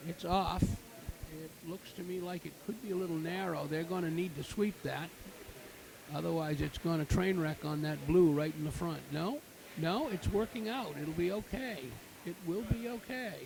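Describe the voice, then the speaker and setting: A man's voice: on the high side, creaky, rough recording. A man giving live curling commentary, explaining the game with many fillers and cheering good shots. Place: curling rink with crowd. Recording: crowd noise in an ice rink.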